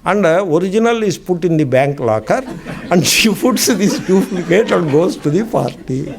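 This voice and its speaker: A man with an Indian English accent gives a scriptural class, telling his stories with frequent chuckles. He drives his points home by repeating short phrases, and his voice sits a little high for a man. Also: animated, moderate pace, creaky, noisy background. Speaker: spiritual teacher.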